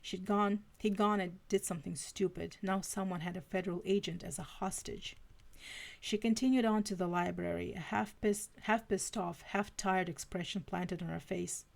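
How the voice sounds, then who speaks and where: A woman's voice: on the low side, steady tone, moderate pace, vocal fry. A woman reading fanfiction aloud on a live stream, stumbling and restarting now and then. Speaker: fanfiction reader.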